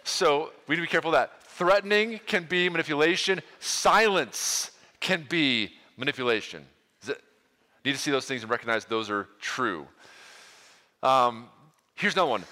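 A man's voice: on the high side, expressive, moderate pace, sharp tone. A middle-aged male pastor preaching in a casual, earnest way, with many restarts and asides. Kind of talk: conversational sermon to a live room. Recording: long hall reverb.

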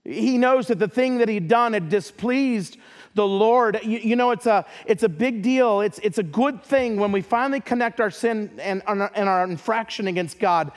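A man's voice: high voice, normal speed. A man preaching a sermon as a pastor, earnest, often repeating words as he starts a phrase.

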